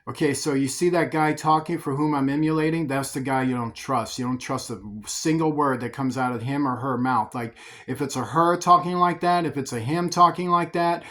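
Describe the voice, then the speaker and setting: Casual, fairly high-voiced male preacher. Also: fairly bright tone. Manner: conversational, repeats words when restarting. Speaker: preacher teaching scripture. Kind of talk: informal sermon.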